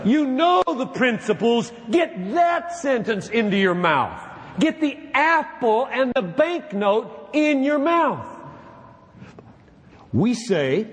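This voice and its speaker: A man's voice: extremely high pitch, big pitch swings, takes it slowly, big-room sound. A man preaching to fellow pastors, exhorting them with emphatic rhetorical questions. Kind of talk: sermon-style lecture.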